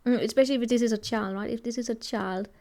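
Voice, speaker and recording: A woman's voice: a little high, fairly even intonation, quick pace, mellow. A woman giving a casual tarot reading, thinking aloud and rambling with many restarts. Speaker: tarot reader.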